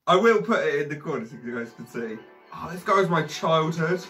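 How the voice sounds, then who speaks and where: A man's voice: on the high side, expressive, a little fast, a bit bright, soft background music. A young man hosting a casual podcast while tipsy, rambling and giggly. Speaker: podcast host.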